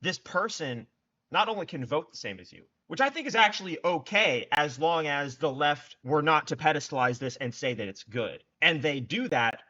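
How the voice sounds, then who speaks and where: A man's voice: fairly high pitch, lively intonation, moderate pace, bright, forceful tone. A young man giving scornful, sarcastic political commentary. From United States. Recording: dull lo-fi recording.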